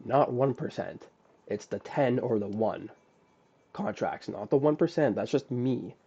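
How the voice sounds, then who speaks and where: A man's voice: mid-range voice, measured pace, warm tone, breathy edge. A man recapping a trade he closed too early, talking in a casual, profane, self-critical way. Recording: dull lo-fi audio.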